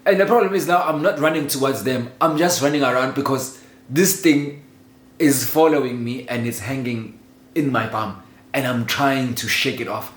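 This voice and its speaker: Animated man telling a story. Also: medium pitch, normal speed. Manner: animated, laughs through the telling, swears freely. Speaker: vlogger telling a childhood story. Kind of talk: casual personal storytelling. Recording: roomy echo with faint ambient noise.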